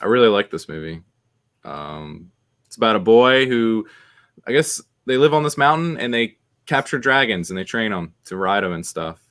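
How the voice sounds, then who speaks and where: A man in a casual podcast chat about movies, relaxed, laughing at himself and correcting himself as he goes. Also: fairly low pitch, moderate pace.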